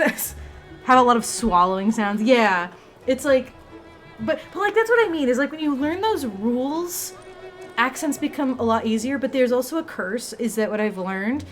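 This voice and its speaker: A woman's voice: fairly high pitch, a bit bright. A woman chatting casually on a livestream, rambling along with many fillers and restarts. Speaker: streamer.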